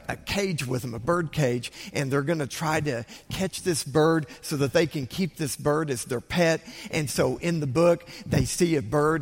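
Older pastor preaching in a reverberant sanctuary. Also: male voice, on the high side. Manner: storytelling with hushed whispers and sudden loud bursts. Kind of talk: sermon. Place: church sanctuary. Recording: long hall reverb.

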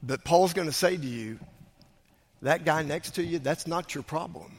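A man preaching a sermon as a pastor, emphatic, swinging between loud urging and hushed, quiet lines. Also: a little high, normal speed, breathy edge, in a large hall.

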